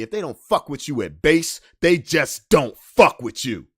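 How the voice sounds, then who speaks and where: A man hosting a podcast, ranting casually, swinging from loud emphasis to low mutters. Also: big pitch swings, unhurried, few pauses, husky, no echo, clean studio sound. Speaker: podcast host. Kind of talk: casual monologue rant.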